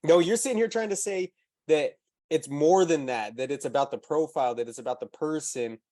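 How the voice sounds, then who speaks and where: A man ribs and argues with his co-host in relaxed podcast talk. The sound is dry and close, with no room around it. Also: a little high, a little fast, no room sound. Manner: teasing, argumentative. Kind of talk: casual chat.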